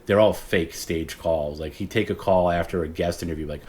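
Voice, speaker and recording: Low-voiced man rambling late at night. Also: normal speed. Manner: rambling, self-interrupting storyteller who acts out quoted callers. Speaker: stream host. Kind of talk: late-night casual livestream chat.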